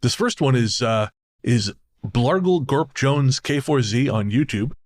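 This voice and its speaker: A man's voice: medium pitch, animated, unhurried. A man from Canada co-hosting a podcast, chatting casually, telling stories with laughs and the odd swear. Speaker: podcast co-host. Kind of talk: casual chat.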